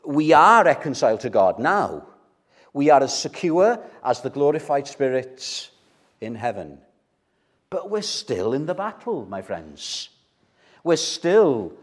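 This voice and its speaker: A man's voice: mid-range voice, husky. An older man delivers a sermon with an emphatic, direct manner. He repeats key phrases for weight and keeps turning to his listeners with questions. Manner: direct, asks the congregation questions. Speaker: preacher.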